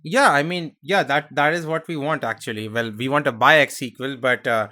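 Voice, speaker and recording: A man's voice: medium pitch, normal speed, bright, forceful tone, dry recording, clean studio sound. A man hosting a reaction video, cutting in with joking, sarcastic asides. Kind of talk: casual commentary.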